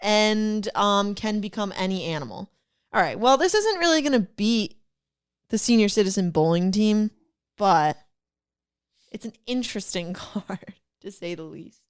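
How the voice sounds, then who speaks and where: Giggly young woman, smooth voice. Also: medium pitch, animated, unhurried. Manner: giggly, rambling with many fillers. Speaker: podcast co-host. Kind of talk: casual chat.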